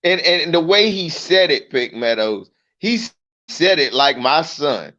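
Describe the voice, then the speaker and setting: A man telling profane stand-up stories, animated and acting out the people in them. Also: on the high side, measured pace, dull audio. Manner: profane, animated, mimics voices. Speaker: comedian. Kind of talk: stand-up storytelling.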